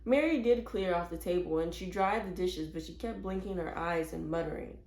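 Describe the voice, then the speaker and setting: A woman reading a children's chapter book aloud in a clear, measured storytelling voice. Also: on the low side, darkish tone, roomy sound.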